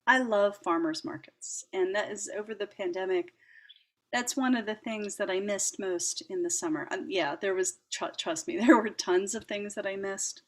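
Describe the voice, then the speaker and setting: A woman hosting a reflective talk in a gentle manner, with a mid-range voice. She laughs softly, uses fillers and restarts her sentences as she thinks aloud. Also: medium pitch, normal speed. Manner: gentle, warm-hearted, laughs often, many fillers and restarts. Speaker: host.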